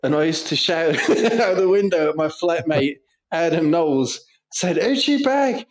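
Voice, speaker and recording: Guy on a podcast, slightly high voice, cracking up at his own crude stories. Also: unhurried. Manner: laughs a lot while telling crude stories. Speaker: podcast co-host. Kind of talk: casual storytelling banter.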